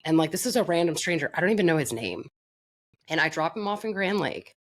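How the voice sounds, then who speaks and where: Low-voiced, blunt, swearing woman. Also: animated, fast talker. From Florida. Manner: blunt, profane, self-mocking. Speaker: podcast guest. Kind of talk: candid storytelling.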